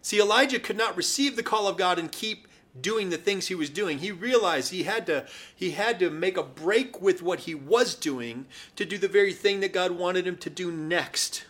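A man's voice: sits high, normal speed, fairly bright tone. A male preacher delivering a sermon, retelling the story with wry asides.

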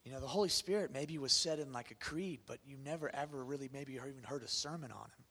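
A man preaching a sermon to a congregation, asking them questions and swinging from loud bursts down to hushed near-whispers. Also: medium pitch, quick pace, slightly rough. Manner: conversational, asks the congregation questions. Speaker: pastor.

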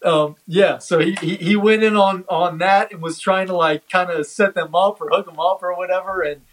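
High-voiced man chatting, halting. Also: fairly even intonation, low-quality recording. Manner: halting, many fillers and restarts. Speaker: podcast co-host. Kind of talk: casual chat reviewing a comedy special.

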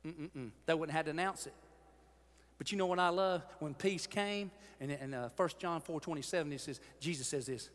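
Animated high-pitched man preaching. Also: fairly quick. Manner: animated, swings from shouting to hushed. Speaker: pastor. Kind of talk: sermon. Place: large church hall. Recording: long hall reverb.

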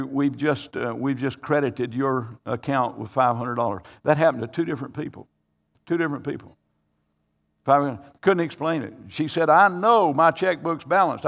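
A man's voice: medium pitch, vocal fry. Man preaching in an echoing hall. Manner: earnest, stammering restarts, rising to emotional pleading. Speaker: pastor. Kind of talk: sermon testimony.

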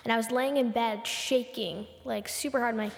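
Chatty teen girl, high voice. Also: fairly even intonation, normal speed, creaky, big-room sound. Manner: breathless retelling full of "like" and repeats. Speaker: podcast host. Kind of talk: casual solo storytelling.

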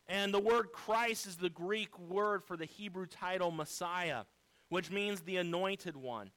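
High-voiced, smooth-toned preacher man. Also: a little slow, a bit bright, poor audio. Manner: emphatic preaching with rhetorical questions. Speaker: pastor. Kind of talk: sermon.

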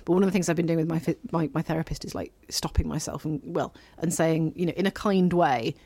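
A woman's voice: low-pitched, steady tone, quick pace, few pauses, dark tone, husky, no room sound. A woman co-hosting a podcast, talking in a chatty, meandering, teasing way. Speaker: podcast co-host. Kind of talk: casual chat.

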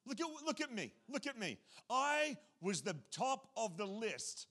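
A man's voice: very high-pitched, big pitch swings, a little slow, pushed and bright, pitched above the performer's own voice, full character voice. A man voicing the apostle Paul as an indignant, emphatic man who exclaims in disbelief. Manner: exclaiming, incredulous.

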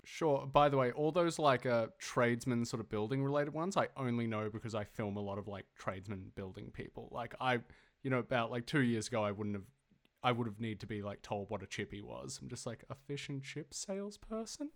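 A man's voice: mid-range voice, steady tone, a little fast. An Australian man co-hosting a podcast in casual chat, rambling with many fillers and the odd swear. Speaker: podcast co-host.

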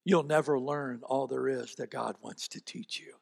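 Gravelly pastor preaching in a hall. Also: male voice, mid-range voice, steady tone, normal speed, darkish tone. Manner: folksy, earnest, with small restarts. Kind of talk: sermon storytelling. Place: church sanctuary.

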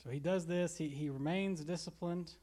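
A man's voice: a little high, normal speed, mellow. A pastor giving a casual, conversational sermon, rambling a little and repeating words as he goes. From Kentucky. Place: church.

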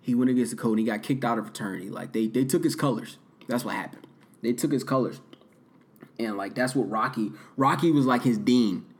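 A man hosting a podcast, recapping a movie in a rambling, profane, casual way, swinging from loud bursts to muttered asides. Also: mid-range voice, fairly quick. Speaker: podcast host.

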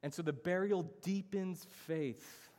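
A pastor with a high-sitting but darkish voice preaches slowly, earnest and emphatic, stepping through his points in lists. The sermon is recorded in a church hall with long reverb.

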